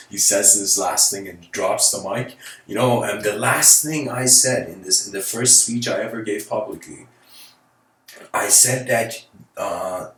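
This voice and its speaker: A man's voice: on the low side, a bit bright, distant mic. A man giving a casual, live-streamed spiritual talk, searching for words and laughing between thoughts. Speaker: spiritual speaker. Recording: roomy sound from away from the mic.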